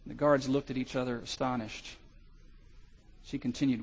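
A middle-aged male pastor telling a story in a sermon, swinging from loud cries to hushed lows. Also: fairly even intonation, normal speed, slightly rough, low-quality recording.

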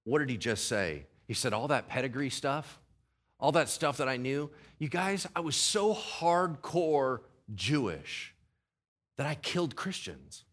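A male pastor preaching a sermon in an animated way, acting out the voices of the people he quotes. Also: mid-range voice, measured pace.

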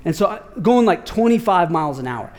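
High-voiced pastor telling a lively story. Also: male voice, brisk. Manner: animated, slangy, many "like" fillers. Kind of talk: casual storytelling sermon.

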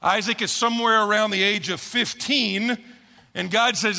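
A male pastor giving a sermon in a church, talking conversationally and slowing down for emphasis. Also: sits high, vocal fry, sharp tone. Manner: conversational preaching with emphatic slowdowns. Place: church sanctuary. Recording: echoey hall reverb.

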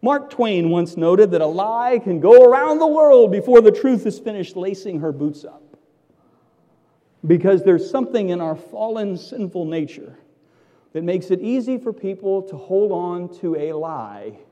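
Theatrical preacher with a lively voice. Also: male voice, high-pitched, unhurried, long reverb tail, dull audio. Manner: emphatic, theatrical, swings from loud to hushed. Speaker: pastor. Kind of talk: sermon.

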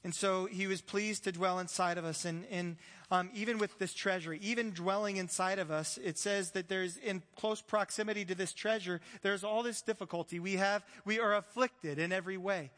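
Preaching a sermon to his congregation, this pastor has a high, light, somewhat bright voice with a steady tone and normal speed. He keeps things easygoing and conversational, tossing in joking asides and acting out snippets of everyday talk, all carried on the long reverb of a church hall.

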